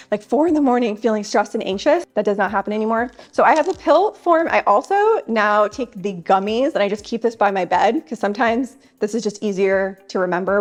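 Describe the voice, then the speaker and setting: A woman in her thirties sharing wellness tips straight to camera, earnest and chatty, speaking directly to her viewers. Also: mid-range voice. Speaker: self-help vlogger.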